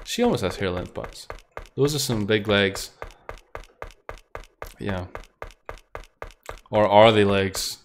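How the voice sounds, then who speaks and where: A man's voice: lowish voice, takes it slowly, long pauses, a little hiss or hum. Chatty male streamer, laughing and swearing. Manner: laughing, swearing, talking to himself. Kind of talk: casual game commentary.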